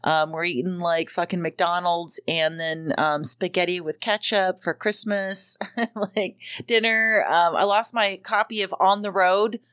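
A woman's voice: lowish voice, steady tone, measured pace, a bit bright. A woman in her forties hosting a podcast, telling a long personal story in a rambling way, full of ums and casual swearing. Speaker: podcast host.

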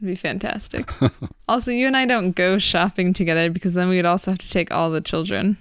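Smooth-voiced woman, teasing podcast co-host. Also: on the low side, a little fast, no echo. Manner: teasing, wry. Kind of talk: casual chat.

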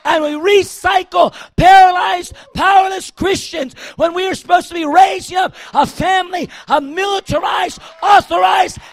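High pitched gravelly guy preaching fired up, dead dry sound. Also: steady tone, normal speed, hardly any pauses, no room sound, raised voice. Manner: fervent, emphatic preaching. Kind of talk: fiery sermon.

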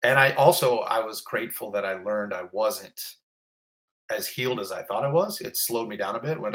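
A man's voice: lowish voice, normal speed. Man retelling a traumatic story. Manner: emotional, animated retelling with gasps and exclamations; rambling, many fillers and restarts. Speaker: interview guest. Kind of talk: candid storytelling interview.

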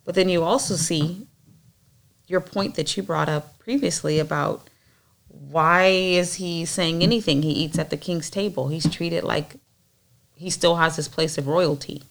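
Low, gravelly woman reading scripture. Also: unhurried. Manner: conversational, thinking aloud with fillers. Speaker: Bible study reader and discussion leader. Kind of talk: reading scripture aloud and casual discussion.

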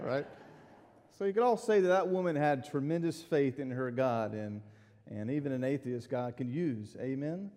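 A man's voice: mid-range voice, expressive, moderate pace, a little mellow. A male pastor preaching a sermon, telling a story and chatting with the congregation, heard in a church sanctuary. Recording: long reverb of a large hall.

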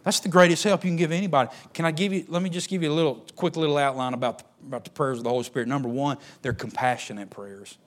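A man preaching a sermon in a folksy, joking way, swinging from low and soft to loud, high shouting. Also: fast talker, hardly any pauses.

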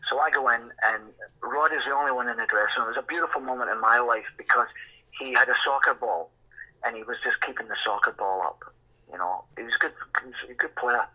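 A man in his sixties, a musician telling a lively story and acting out voices in the quotes. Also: medium pitch, quick pace, slightly rough, low-quality recording. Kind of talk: anecdotal storytelling.

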